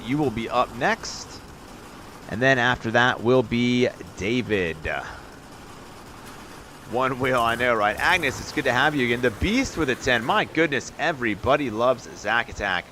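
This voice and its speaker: A man streaming and giving quick, upbeat live commentary on viewer runs in a game, calling scores and turn order. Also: mid-range voice, sharp tone, slight background noise. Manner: upbeat, quick hype calls with laughs.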